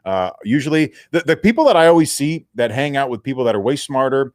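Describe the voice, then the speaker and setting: A man's voice: mid-range voice, animated, quick pace, darkish tone, no echo, clean studio sound. A man co-hosting a sports talk show, asking questions in a casual, joking way. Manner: joking, repeats phrases for laughs. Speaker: co-host. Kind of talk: casual chat.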